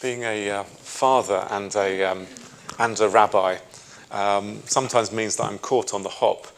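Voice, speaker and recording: A middle-aged man with a British accent, a rabbi leading a synagogue service and reading memorial names in a measured, solemn way with gentle asides. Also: fairly low pitch, steady tone, slight background noise. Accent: British English. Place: synagogue sanctuary.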